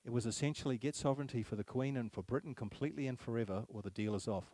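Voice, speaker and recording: A man's voice: mid-range voice, fast talker, warm tone, dry recording. Emphatic New man addressing a crowd. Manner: emphatic, repeats key phrases, fires rhetorical questions at the crowd. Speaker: speaker at a public meeting. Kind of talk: public speech to a live audience.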